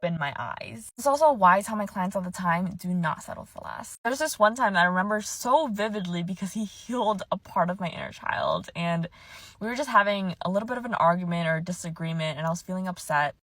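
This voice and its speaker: A woman coach who speaks in a soft, earnest, reflective way as she tells a personal story. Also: on the low side, no echo.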